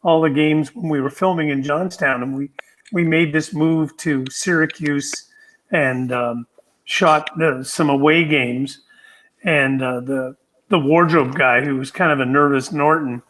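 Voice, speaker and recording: An older man, a guest on a video call, telling a story haltingly with many pauses. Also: on the high side, fairly even intonation, fairly bright tone, poor audio. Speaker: panel guest, former cast member.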